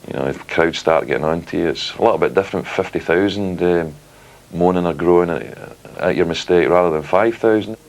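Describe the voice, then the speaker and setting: Ex-player with a real deep voice, blunt and sure of himself. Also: male voice, brisk, gravelly, poor audio. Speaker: former player interviewed. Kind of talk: interview.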